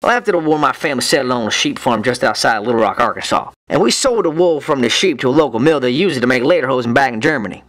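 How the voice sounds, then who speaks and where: A man's voice: medium pitch, animated, quick pace, few pauses, a bit bright, natural voice. A man voicing a crude, lecherous male cartoon villain, telling folksy stories with gusto. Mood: leering reminiscence. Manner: folksy, crude, exuberant storyteller. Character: lecherous rowdy male villain, Southern drawl. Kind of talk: cartoon comedy voice acting.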